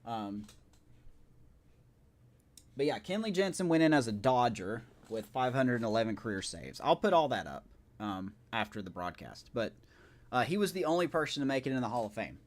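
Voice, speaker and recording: A man's voice: mid-range voice, very animated, moderate pace. A man streaming a video game live, talking casually in a rambling, self-correcting way and chatting with his viewers.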